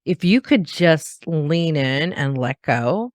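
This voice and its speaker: A woman hosting a podcast in casual conversation, animated, laughing often and acting out what others say. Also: low-pitched, slow, no room sound. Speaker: podcast host.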